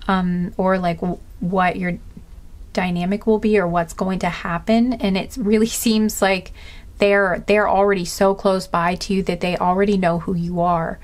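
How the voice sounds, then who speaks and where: A woman reading tarot cards to camera in a casual, rambling way, excitable and full of filler words. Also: medium pitch, measured pace. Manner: chatty and rambling, with many "like" fillers; excitable, easily amazed. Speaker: tarot card reader and channeler.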